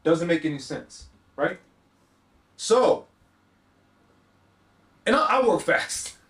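A man's voice: on the high side, slow pace, reverberant. A man hosting a podcast, telling a personal story in a casual, slangy way and acting out both sides of the conversations. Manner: animated storyteller, acts out dialogue, slangy. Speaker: podcast host.

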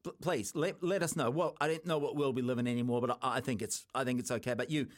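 Man from new zealand, sports radio host, casual chat, animated, teasing. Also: medium pitch, fast.

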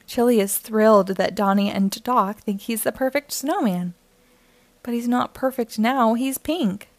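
A woman narrates a children's storybook aloud in a clear, steady storytelling voice. Her voice sits fairly high and sounds close and dry, with no room around it. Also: a little slow, dry recording. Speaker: storybook reader.

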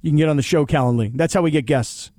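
A man's voice: a little high, very fast, darkish tone, no room sound, clean studio sound. A male radio host in casual sports talk, joking and poking fun at himself. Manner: joking, self-deprecating banter.

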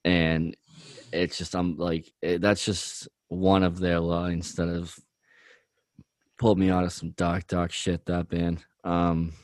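Man, very low voice, earnest and rambling, dry close sound. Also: completely flat delivery, slow pace, no room sound. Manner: earnest, rambling with many fillers. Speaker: podcast co-host. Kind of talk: casual chat.

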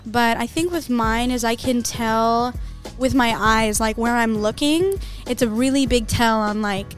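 A woman's voice: fairly high pitch, a little slow, soft background music. A young woman in her twenties, a podcast guest telling stories bluntly and swearing often. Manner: blunt, swears a lot, animated storytelling. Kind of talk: casual interview chat.

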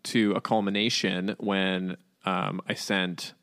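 A man's voice: low-pitched, little pitch movement, takes it slowly, fairly bright tone. A man who is a podcast guest, telling a story in casual chat with lots of fillers and easy laughter. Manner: rambling, filler-heavy, laughs easily.

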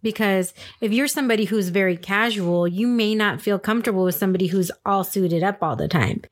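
A woman's voice: medium pitch, a little fast. A woman hosting a podcast in a casual chat, asking long, rambling questions. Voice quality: chatty, friendly, asks long rambling questions. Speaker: podcast host.

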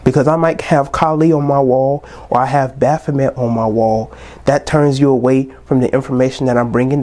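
A man's voice: medium pitch, dark tone. A man in his twenties hosting a podcast, talking in a casual, impassioned, preachy monologue. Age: 20s. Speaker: podcast host.

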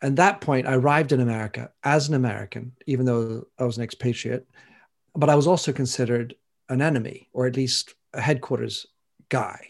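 French-accented man, thoughtful and measured. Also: medium pitch, creaky. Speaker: guest. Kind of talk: conversational interview answers.

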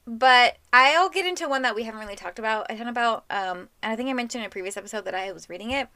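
Bright-voiced woman, dry close sound. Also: a little high, fast talker, no room sound, soft background music. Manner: relaxed, agreeable, laughs along. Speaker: podcast co-host. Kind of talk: casual chat.

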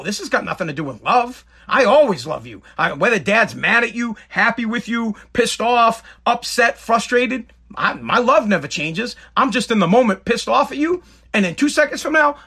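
Middle-aged New man, high bright voice, blunt emphatic podcast host talking straight at listeners. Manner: blunt, emphatic, repeats himself. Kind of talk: casual monologue.

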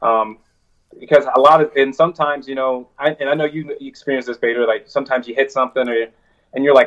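A man's voice: mid-range voice, steady tone, quick pace, a bit bright, highs cut off. A man talking as a wrestler guest in a casual interview, telling stories in a loose, rambling way.

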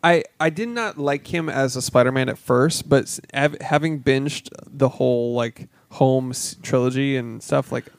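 A man's voice: medium pitch, unhurried, gravelly, few pauses. A young man co-hosting a podcast, rambling casually about movies with lots of restarts and swearing. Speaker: podcast co-host.

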